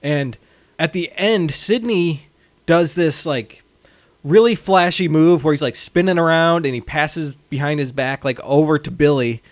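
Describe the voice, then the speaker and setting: A man's voice: fairly high pitch, measured pace, no room sound. A man co-hosting a casual movie podcast, laughing often and quoting characters as he recaps scenes. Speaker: podcast co-host.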